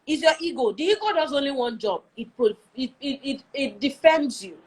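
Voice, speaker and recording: A woman's voice: high-pitched, lively intonation, moderate pace, poor audio. A young woman, speaking earnestly about marriage as a guest and often checking in with her listeners. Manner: earnest, keeps asking "do you see?". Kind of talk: conversational teaching talk.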